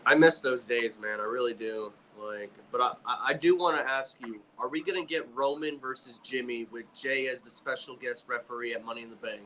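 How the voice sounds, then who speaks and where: A man's voice: medium pitch, steady tone, a little fast, hardly any pauses, fairly bright tone, rough recording. Casual man saying bro, faint background hiss. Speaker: wrestling podcast co-host. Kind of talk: casual chat about wrestling.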